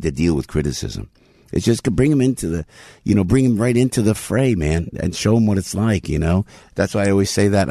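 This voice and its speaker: A man, hosting morning talk radio in an animated, rambling storytelling way. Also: medium pitch, no echo, clean studio sound. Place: radio studio.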